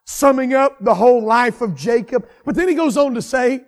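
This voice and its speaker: A man preaching a sermon with fervent, repetitive cadences that swell into shouts. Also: very high voice, moderate pace, few pauses, big-room sound.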